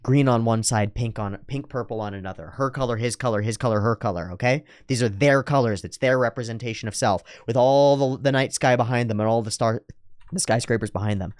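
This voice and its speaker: A man's voice: medium pitch, fairly quick, no room sound, studio quality. A man hosting a reaction video, analyzing an anime scene and paraphrasing its dialogue with rhetorical asides.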